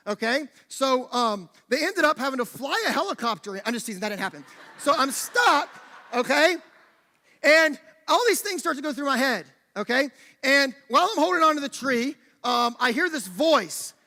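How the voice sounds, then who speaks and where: A man preaching a sermon in a church, telling a personal story in an animated way and directing a volunteer on stage. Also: very high-pitched, a little fast. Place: church sanctuary. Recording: church hall reverb.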